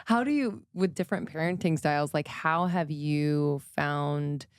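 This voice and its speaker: A woman co-hosting a podcast asks unhurried questions and answers with quick murmurs of agreement. Her voice sits a little low and sounds smooth and resonant. The recording is dry and close. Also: no echo. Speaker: podcast co-host. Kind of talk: casual podcast interview.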